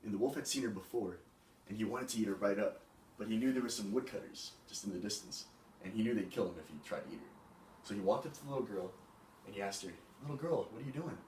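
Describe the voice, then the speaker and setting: A man's voice: lowish voice, fast, darkish tone. A young man casually telling a fairy tale aloud as a student storyteller, in a loose conversational way. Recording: echoey room, mic far off, faint hiss.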